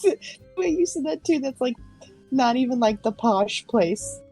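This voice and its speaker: A woman with a husky, creaky voice, chatting as a player in a tabletop game. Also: high voice, expressive, measured pace, mellow, soft background music, rough recording. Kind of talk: casual tabletop chat.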